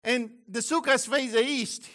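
An older man teaching from the Bible in an excited, exclamatory way, with bursts of shouting. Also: extremely high pitch, a little slow. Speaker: preacher.

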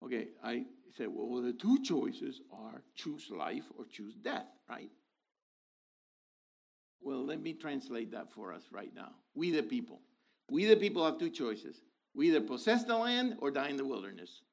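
A man in his sixties preaching a sermon, animated, dropping to low asides and rising to loud exhortation. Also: a little slow, creaky.

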